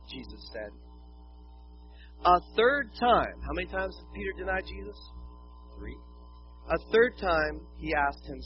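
A man's voice: high-pitched, sing-song, unhurried, long pauses. A man preaching a sermon in a conversational way, with casual jokey asides. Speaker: pastor. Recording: dull lo-fi with faint music.

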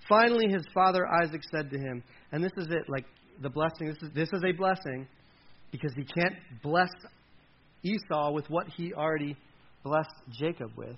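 A man's voice: a little high, lively intonation, normal speed, a little hiss or hum. A man preaching a sermon, reading scripture aloud with dramatic emphasis and breaking in with side comments. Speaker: pastor. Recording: muffled lo-fi recording.

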